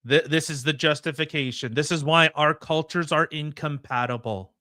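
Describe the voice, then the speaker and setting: Heated, bright-voiced podcast host man. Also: on the high side, moderate pace, dry recording, clean studio sound. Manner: indignant, heated, stammering restarts. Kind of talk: opinionated commentary.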